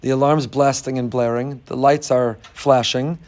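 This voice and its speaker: A middle-aged man, a rabbi giving a Torah class, telling stories with animation and jumping high when acting out other people. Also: fairly even intonation, normal speed, a little mellow.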